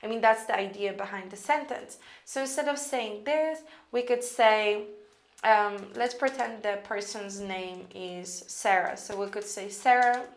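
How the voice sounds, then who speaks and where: A woman teaching copywriting in a casual, chatty way, thinking out loud with lots of fillers as she walks through an email draft. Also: mid-range voice, unhurried, reverberant. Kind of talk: casual screen-recorded lesson.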